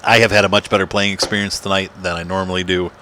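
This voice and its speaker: A deep, level voice with a bright, forceful edge rattles along fast as a man plays games and hosts his channel from home. He's chatty and self-deprecating, wandering off on tangents, captured on a desk mic with slight hiss or hum.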